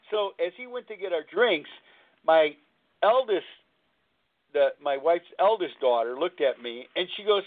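Over a tinny phone line, a man with a fairly high, animated voice speaks at a normal pace. He hosts a call-in recovery talk show and tells a personal story earnestly, rambling and repeating himself.

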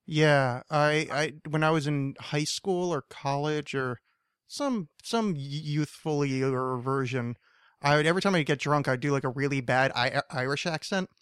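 A man's voice: a little high, moderate pace, few pauses, a bit bright, smooth, dry recording, clean studio sound. A man chatting casually on a podcast, rambling and self-mocking with many restarts. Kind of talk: casual chat.

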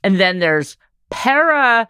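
A woman's voice: a little high, very animated, takes it slowly, bright, forceful tone, clear, resonant tone, no room sound, studio quality. A woman co-hosting a podcast in casual chat, playful, laughing often as she sounds out foreign words. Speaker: podcast co-host.

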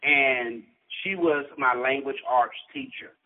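A man's voice: medium pitch, slow pace. Earnest man telling his story by phone. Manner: earnest and inspirational, preacher-like cadence. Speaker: author and guest. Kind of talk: storytelling interview, motivational. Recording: tinny phone-line sound.

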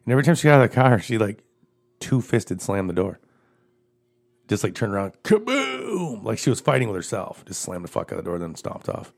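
A man telling crude, profane stories in casual chat, laughing often and getting animated as he goes. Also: lowish voice, quick pace, vocal fry.

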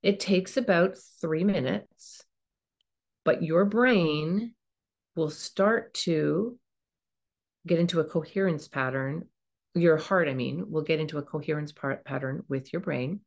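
A middle-aged woman giving a gentle self-help talk with a coaching manner, now and then acting out the voices in her head. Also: low voice, measured pace, gravelly.

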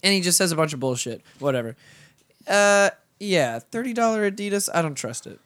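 A man's voice: sits high, animated, brisk, fairly bright tone, clean tone, dry recording. A man with a slightly raised voice cracks jokes and curses freely as he co-hosts a loose podcast chat. He laughs a lot and keeps the talk rolling. The sound is dry and close to the mic. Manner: joking, profane, laughs often. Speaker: podcast co-host. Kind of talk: casual banter.

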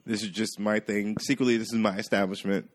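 A man telling a bartending story in casual chat, animated and acting out the people he quotes. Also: fairly low pitch, brisk.

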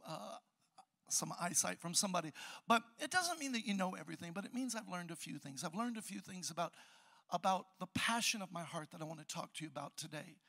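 A pastor in his sixties preaches to a church congregation. His voice sits high and sounds bright and forceful. He keeps the sermon lively, trading jokes with the crowd. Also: gravelly. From Chicago, USA. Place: church hall before a congregation.

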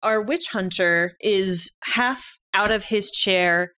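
Unhurried young woman running a tabletop game, easy storyteller. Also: medium pitch. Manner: relaxed, laughing storyteller. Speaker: game master.

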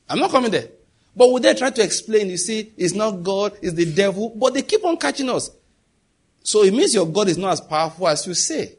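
A middle-aged preacher delivers a sermon, his voice somewhat husky and breathy. He speaks emphatically and conversationally, throwing rhetorical questions at the congregation. His pitch sits a little higher than most men's. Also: big pitch swings, moderate pace.

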